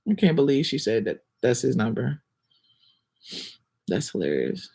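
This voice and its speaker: A woman's voice: extremely low pitch, very animated, measured pace, creaky, mellow, breathy edge. A woman on a livestream, answering viewer comments in a defensive, slangy way. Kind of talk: casual livestream chat.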